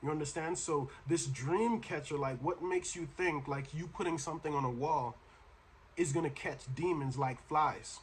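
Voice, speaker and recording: Brief: male host reacting to clips, preachy and casual, slightly raised pitch, light background hiss. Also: moderate pace. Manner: preachy, slangy, addresses listener as bro. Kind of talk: casual commentary.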